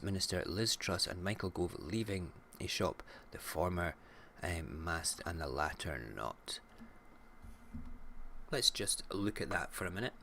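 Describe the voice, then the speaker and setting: A man's voice: low-pitched, fairly bright tone, a little hiss or hum. A middle-aged Scottish man hosting a casual morning show, irreverent and jokey, ranting with swearing. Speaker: radio show host.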